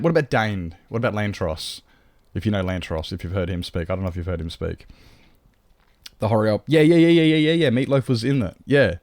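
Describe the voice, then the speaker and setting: A man with an Australian accent and a fairly low voice chats away as he plays, rambling and reacting to his viewers. The sound is dry and close. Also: a little mellow, no room sound. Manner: rambling, reads and answers chat. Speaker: streamer. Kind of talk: casual chat while playing a game.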